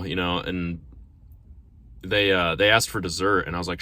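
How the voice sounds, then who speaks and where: A man's voice: low voice, level tone, brisk, bright, forceful tone. A man who works as a restaurant server tells a story casually from inside his car, talking into his phone. He rambles, sounds a little self-conscious, and uses lots of fillers and restarts. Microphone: phone held in front of him.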